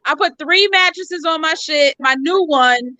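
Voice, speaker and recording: High bright woman, slangy and tired. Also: measured pace, no echo. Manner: slangy, candid, laid-back. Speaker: co-host. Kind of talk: casual chat. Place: bedroom at her mother's home.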